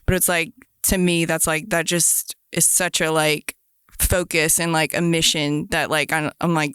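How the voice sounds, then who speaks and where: A woman's voice: low-pitched, unhurried, clear, resonant tone, dry recording, clean studio sound. A woman who co-founded a company, talking casually in an interview and acting out quoted lines. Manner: lively, acts out quoted lines.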